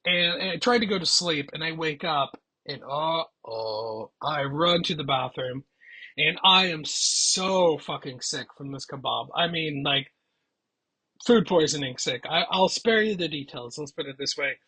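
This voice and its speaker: A man's voice: on the high side, measured pace, sharp tone, slightly rough, rough recording. A man vlogger telling a personal story in a chatty, rambling way with frequent restarts. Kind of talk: casual storytelling.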